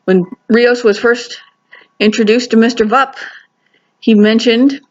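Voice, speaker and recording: A woman talks through a TV episode review in a chatty, enthusiastic way, often restarting her sentences and going off on asides. The recording sounds a little dull and lo-fi. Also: medium pitch. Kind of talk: casual spoken review.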